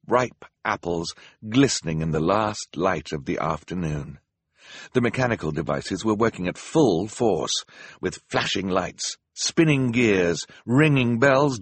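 A man's voice: fairly low pitch, slightly rough, dry recording. A man narrating a children's novel as an audiobook, reading expressively and dramatically. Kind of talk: storybook narration.

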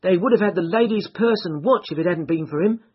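A man doing an excited woman in a crowd. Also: high voice, a little fast, slightly rough, highs cut off, pitched above the performer's own voice. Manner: eager, talkative and emphatic.

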